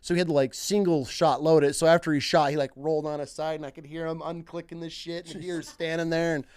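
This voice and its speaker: Young man, hunting guide, lively storyteller; fairly high voice, dry close sound, mimics clients. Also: quick pace, clean tone, dry recording. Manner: animated, acts out clients in higher voices, laughs mid-story. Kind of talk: casual storytelling on a podcast.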